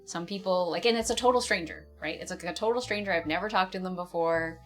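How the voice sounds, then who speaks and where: A woman's voice: fairly low pitch, fast. Woman chatting casually, keeps cracking up at herself, rambly, faint music underneath. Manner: laughs often at herself, rambling. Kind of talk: casual storytelling chat.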